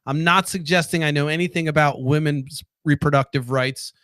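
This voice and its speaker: A man's voice: a little high, steady tone, moderate pace, fairly bright tone, dry recording. A man hosting his own political commentary show, ranting casually in a profane, rambling and sarcastic way. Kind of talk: casual solo rant to camera.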